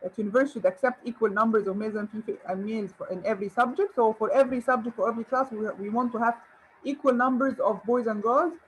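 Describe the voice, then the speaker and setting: A woman's voice: a little high, quick pace, slight background noise, poor audio. A woman English teacher giving an online grammar lesson, encouraging and asking her viewers questions. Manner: encouraging, rhetorical questions and praise.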